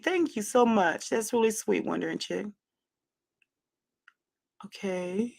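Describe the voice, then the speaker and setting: A woman's voice: mid-range voice, animated, slow pace, creaky. A woman hosting a casual livestream, reading viewer comments aloud and affirming them, often repeating phrases and drawing out her reading.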